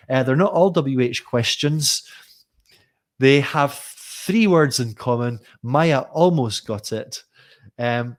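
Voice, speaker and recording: Middle-aged male teacher trainer, lively, full of questions, live online lesson read. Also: mid-range voice, a little slow. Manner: lively, questioning, addresses viewers by name.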